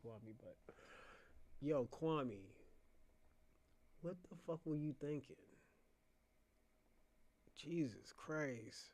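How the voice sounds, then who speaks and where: A man, hosting his own channel in a casual unscripted monologue, mocking and laughing, swinging between quiet mutters and loud outbursts. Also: fairly high pitch, lively intonation, takes it slowly, pauses often.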